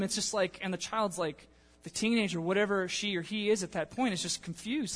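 High-voiced young male preacher in a church. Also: brisk, few pauses. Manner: animated, conversational, acts out quotes. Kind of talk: sermon. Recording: long church-hall reverb.

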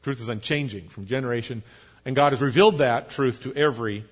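A pastor preaching a sermon, explaining patiently, spelling out words, with light jokes for the congregation. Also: male voice, medium pitch, a little fast, husky. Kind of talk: sermon teaching.

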